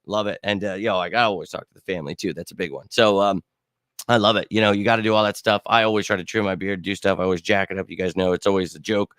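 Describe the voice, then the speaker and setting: A middle-aged man hosting a fan live stream, chatting casually with viewers in an excitable, slangy way and bursting into shouts now and then. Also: fairly low pitch, clear, resonant tone, dry recording, clean studio sound. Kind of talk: casual live chat answering viewer comments.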